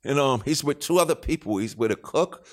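Animated man telling a story. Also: brisk. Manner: animated, swings pitch sharply when acting out quotes; casual, profane street slang. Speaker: interview guest. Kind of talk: storytelling anecdote.

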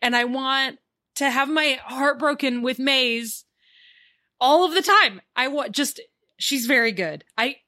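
Bright, gushing woman co-host. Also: high-pitched, no echo, clean studio sound. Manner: gushing, emphatic, quick restarts. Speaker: podcast co-host. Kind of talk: casual chat. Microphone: remote call mic.

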